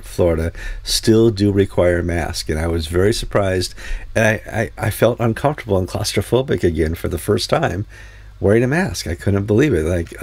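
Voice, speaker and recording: A man's voice: lowish voice, vocal fry, darkish tone, no room sound. A man hosting a news talk show, telling stories in a casual, rambling way with many fillers. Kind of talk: casual chat.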